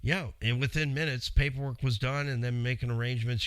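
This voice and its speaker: A man's voice: medium pitch, fairly even intonation, brisk, hardly any pauses, fairly bright tone, clean tone, dry recording. A middle-aged man hosting a show, telling a long story in a rambling, chatty way and speaking straight to his listeners. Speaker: radio show host. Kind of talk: casual storytelling.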